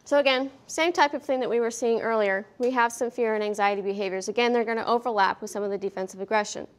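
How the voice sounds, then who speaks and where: A woman giving a veterinary behavior lecture at a conference, lively and questioning the audience, acting out what the dogs feel. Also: a little high, fast. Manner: lively, asks the audience questions, acts out dogs' thoughts. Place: conference hall.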